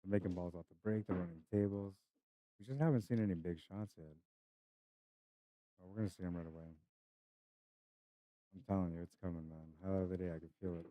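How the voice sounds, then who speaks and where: A young man with a deep, low voice hosts a casual pool live-stream, chatty and laughing easily as he greets viewers by name. The sound is dry and close, with a slightly dull, muffled stream quality. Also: fairly even intonation, brisk, long pauses, no room sound.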